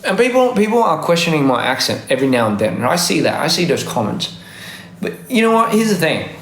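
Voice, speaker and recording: A man from Australia with a softened Australian accent, chatting casually on a live stream, rambling and correcting himself, often laughing. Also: a little high, big pitch swings, fairly quick, roomy sound. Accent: Australian English, softened by years abroad. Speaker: livestreamer. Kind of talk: casual live-stream chat reading comments.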